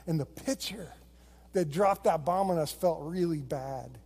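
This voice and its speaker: High-voiced preacher in a reverberant hall. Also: male voice, moderate pace, darkish tone. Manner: conversational storytelling preaching. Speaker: pastor. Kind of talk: sermon. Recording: long reverb of a large hall.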